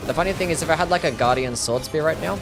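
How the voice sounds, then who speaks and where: A man's voice: fairly high pitch, fast talker, over music. A young Australian man casually commentating a live game stream, answering chat questions and swearing freely.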